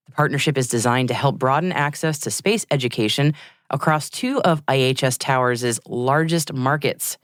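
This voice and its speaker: A woman co-hosting a space news podcast, reading scripted news items with a lively, clear delivery. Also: sits low, no echo, clean studio sound. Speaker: podcast co-host.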